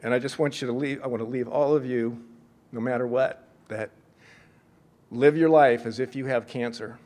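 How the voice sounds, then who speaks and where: A middle-aged man from Seattle giving an earnest, reflective speech, telling a personal story with gentle humor. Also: mid-range voice, fairly even intonation, moderate pace. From Seattle, USA. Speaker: speaker at a leadership event.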